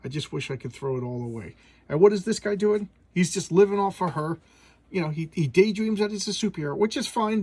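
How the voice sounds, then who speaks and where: A man's voice: fairly high pitch, darkish tone, husky. A man casually reviewing a comic book, rambling and often stammering and repeating his words.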